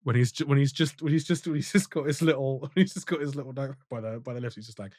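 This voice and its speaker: Animated man co-hosting a podcast. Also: mid-range voice, quick pace, no room sound, studio quality. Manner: animated, laughing, emphatic rants. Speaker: podcast co-host. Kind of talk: casual chat.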